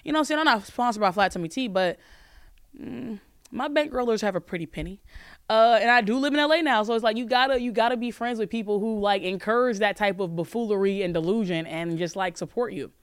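A woman in her twenties hosting a podcast, chatting casually and answering calls with animated, profane, joking rants. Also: mid-range voice, fast, smooth, no room sound, clean studio sound. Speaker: podcast host.

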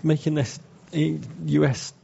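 Gravelly podcast host. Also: male voice, fairly high pitch, flat delivery, unhurried, muffled recording, a crowd in the background. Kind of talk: casual chat.

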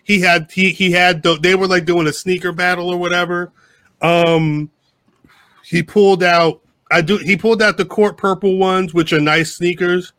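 A man's voice: high voice, steady tone, normal speed, a bit bright, no echo. A man co-hosting a live podcast, rambling in casual chat with lots of profanity and restarts. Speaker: podcast co-host.

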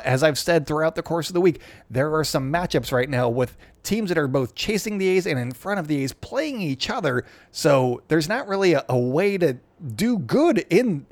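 A young man talks casually through a sports recap, his voice sitting a little high. He sounds sarcastic and loose, with plenty of "uh"s. The recording is dry and close, with no room sound. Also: dry recording. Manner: chatty, sarcastic, many "uh" fillers. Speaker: podcast host. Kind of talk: casual sports podcast talk.

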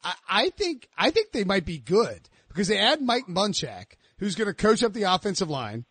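A man with a high voice hosts a casual sports podcast. He asks his questions in an eager, rambling way. His voice sounds dry and close to the mic. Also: sing-song, moderate pace, a bit bright, breathy edge, no room sound. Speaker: podcast host.

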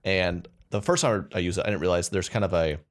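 A man's voice: low voice, fast. A man co-hosting a comedy podcast, rambling through stories with restarts and self-mocking jokes. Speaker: podcast co-host. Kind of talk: casual comedy chat.

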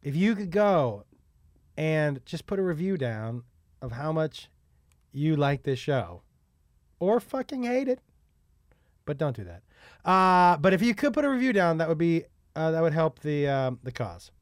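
A man's voice: a little high, very animated, unhurried, no room sound. A man hosting a podcast in a studio, chatting casually and swearing freely as he tells stories. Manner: swearing, storytelling with quoted voices. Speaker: podcast host. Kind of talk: casual chat. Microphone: studio microphone.

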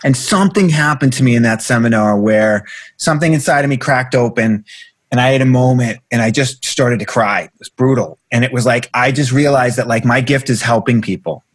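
Animated storyteller man from Boston. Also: mid-range voice, fairly quick, few pauses, no echo. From Boston area, USA. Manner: animated storyteller, swears freely. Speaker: guest, breathwork coach. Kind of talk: casual storytelling interview.

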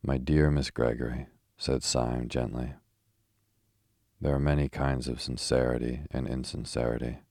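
Young poet, argumentative and ironic, read by a man; very deep, dry sound. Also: flat delivery, a little slow, vocal fry, no room sound, exaggerated voice. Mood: gentle. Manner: irritable, grim, then gently ironic.

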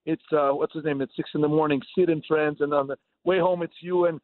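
A man from California calling in to a radio show, rambling excitedly and repeating his words. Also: a little high, fast talker, no echo. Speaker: caller. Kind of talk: casual call-in chat. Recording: tinny phone line.

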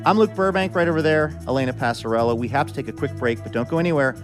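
A male radio host speaks briskly and upbeat from a live theater stage. Clear music plays under his voice. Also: mid-range voice.

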